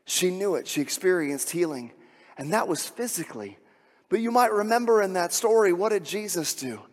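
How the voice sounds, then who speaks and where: Pastor preaching in a reverberant hall. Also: male voice, high voice, expressive, moderate pace. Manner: swings from soft, hushed tones to loud, shouting emphasis. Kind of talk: sermon. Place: church sanctuary.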